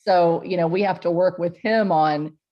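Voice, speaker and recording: A middle-aged woman with a lower-pitched voice, talking as a guest in a relaxed conversation. She comes across as empathetic and chatty, responding easily to the host. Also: moderate pace, muffled recording. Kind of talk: casual conversation.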